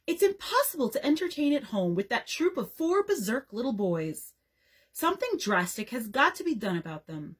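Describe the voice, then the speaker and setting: A woman's voice: on the high side, sing-song, moderate pace, husky. A woman reading aloud as an exasperated teenage girl who complains theatrically.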